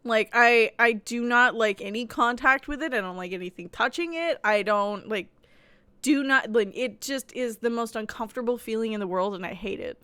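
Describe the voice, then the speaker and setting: A woman streamer chatting casually while she games at home, blunt and quick to laugh. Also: a little high, bright, forceful tone, clean tone, no echo. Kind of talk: casual live-stream chat while gaming.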